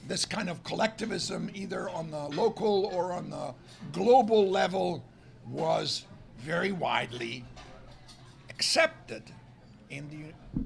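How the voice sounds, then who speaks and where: Animated high-voiced man lecturing with emphasis. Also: creaky. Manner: emphatic, argumentative, stresses key words. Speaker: guest lecturer. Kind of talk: public lecture. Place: restaurant event room.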